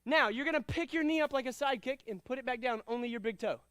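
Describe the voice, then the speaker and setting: High-voiced energetic karate instructor man. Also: quick pace, smooth, no room sound. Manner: energetic, commanding, calls out drills and counts. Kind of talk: martial arts class instruction.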